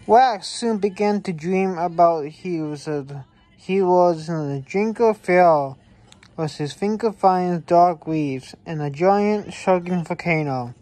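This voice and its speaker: Slow, mellow woman reading a storybook. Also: fairly low pitch. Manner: slow, halting reading with stumbles. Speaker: reader. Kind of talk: reading a children's picture book aloud.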